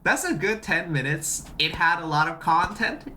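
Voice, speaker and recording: A streamer chatting casually on a live stream, excitable and often repeating phrases while greeting chat. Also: medium pitch, normal speed, a little hiss or hum.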